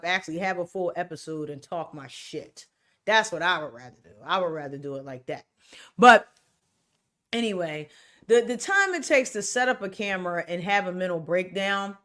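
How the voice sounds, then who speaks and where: A young adult woman hosting her own show, talking bluntly and with plenty of swearing in a loose, animated solo rant. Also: fairly low pitch. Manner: blunt, profane, animated rants with laughs. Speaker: podcast host. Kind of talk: casual solo commentary.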